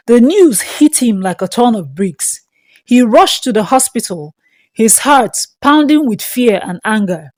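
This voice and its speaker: A woman, narrating a dramatic folktale in a steady, scripted storytelling manner. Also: mid-range voice, no room sound.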